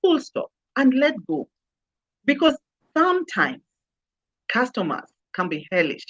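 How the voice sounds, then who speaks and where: Woman, emphatic, repeats phrases for emphasis, fairly high voice, dull lo-fi sound. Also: big pitch swings, a little slow, a bit bright. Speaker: customer experience consultant, guest. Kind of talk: conversational interview.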